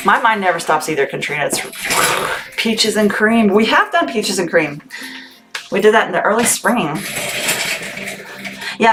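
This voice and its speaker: A woman hosting a casual livestream, chatting with viewers and reading their comments aloud. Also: lowish voice. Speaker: livestream seller host. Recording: noisy livestream audio.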